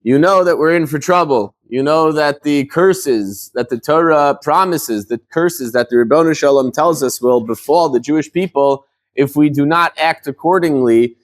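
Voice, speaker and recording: A man with a high voice gives a Torah lesson as a rabbi. He explains in an easy, talky way, often restarting his phrases and using Hebrew terms in Ashkenazi pronunciation. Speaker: rabbi teaching a Torah class.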